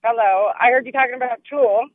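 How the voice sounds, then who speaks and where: A woman's voice: on the high side, fast talker, no echo. Eager woman caller on a phone line. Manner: eager, emphatic. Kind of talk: call-in radio talk. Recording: phone-line call-in audio.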